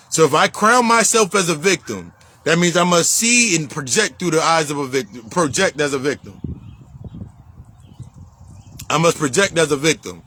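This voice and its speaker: A man's voice: on the high side, sharp tone, husky, rough recording. A man talking as a life coach in a casual spiritual monologue, emphatic and profane, repeating himself for stress. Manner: emphatic, profane, repetitive street talk.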